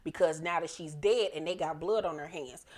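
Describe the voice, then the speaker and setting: A woman's voice: low-pitched, moderate pace, a little mellow. A woman casually recapping a TV episode, chatty and profane, acting out the characters' lines as she goes. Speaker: TV episode reviewer.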